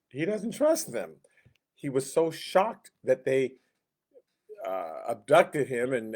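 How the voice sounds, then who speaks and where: A man teaching a Sunday school Bible class in a casual, conversational way, chuckling often and acting out quoted lines. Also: medium pitch.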